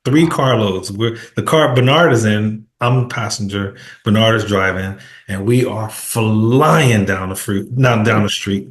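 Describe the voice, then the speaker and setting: A man hosting a casual interview podcast, telling a story in an animated way and acting out the quotes. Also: fairly low pitch, a little slow, few pauses. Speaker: podcast host. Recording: echoey room.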